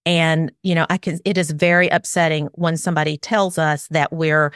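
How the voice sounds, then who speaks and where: A middle-aged woman giving parenting advice in an interview, animated and acting out what parents and kids say. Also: low voice, normal speed, clean tone, no room sound, clean studio sound. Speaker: parenting expert guest. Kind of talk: podcast interview.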